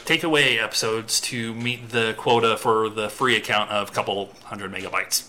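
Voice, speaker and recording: A man's voice: lowish voice, fairly even intonation, normal speed, bright, forceful tone. A man hosting a podcast, chatting casually and teasing, laughing often. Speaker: podcast host. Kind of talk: casual comedic banter.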